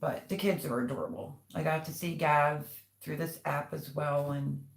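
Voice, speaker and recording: A woman's voice: low-pitched, fairly even intonation, normal speed, vocal fry, reverberant. An older woman hosting a live stream, telling rambling family stories and reading out viewers' comments in casual chat. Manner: chatty, rambling storytelling. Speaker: livestream host.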